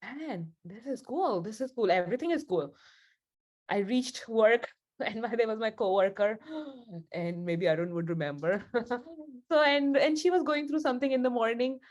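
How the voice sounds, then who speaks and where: A woman's voice: a little high, moderate pace, darkish tone, muffled recording. A woman leading a spiritual group session, telling a story in a chatty, casual way with frequent laughs. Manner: chatty, laughs often, many fillers like "like".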